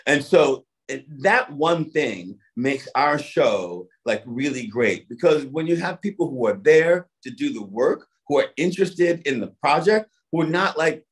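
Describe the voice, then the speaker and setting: Rambling middle-aged actor, casual chat. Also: male voice, a little high, lively intonation, unhurried, hardly any pauses. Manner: loose, rambling, leans on "like" and "you know what I mean". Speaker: actor interviewed as guest.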